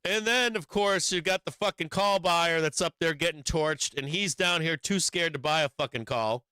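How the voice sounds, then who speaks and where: A man with a bright, crisp voice giving casual live market commentary over charts. He talks bluntly and swears often. The recording is close and dry. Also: a little high, moderate pace, dry recording. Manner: profane, blunt, animated chart talk. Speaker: stock market stream host.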